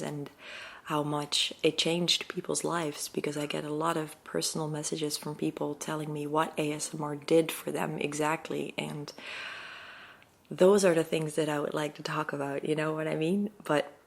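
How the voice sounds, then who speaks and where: A woman who makes ASMR videos, chatting to her viewers in a casual vlog, talking fast and excitedly with lots of fillers and sometimes drifting into soft whispers. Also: deep voice, vocal fry.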